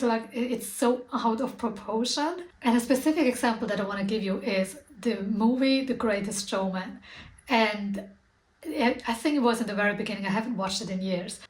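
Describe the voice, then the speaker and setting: A woman's voice: a little high, reverberant, rough recording. A young adult woman speaking earnestly and reflectively to her viewers, searching for words with frequent fillers and restarts. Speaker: spiritual content creator. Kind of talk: reflective personal talk to camera.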